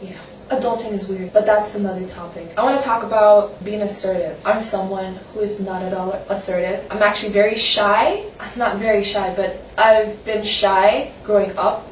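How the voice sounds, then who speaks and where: A woman's voice: medium pitch, steady tone, moderate pace, recorded from a distance, a little hiss or hum. Young woman vlogging in a roomy space. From Saint-Martin. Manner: candid, rambling, self-conscious. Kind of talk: personal vlog chat. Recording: roomy echo, voice from the mic, faint ambience.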